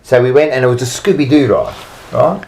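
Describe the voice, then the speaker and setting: Animated Australian man telling stories. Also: mid-range voice, brisk, creaky. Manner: animated storyteller, swearing, shouting in re-enactments. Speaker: podcast host. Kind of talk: casual chat.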